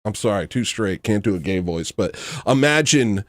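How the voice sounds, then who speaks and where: A man's voice: on the low side, lively intonation, normal speed, no room sound. A man hosting a livestream, ranting in a blunt, rambling way with frequent restarts. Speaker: livestream host. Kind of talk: casual livestream rant.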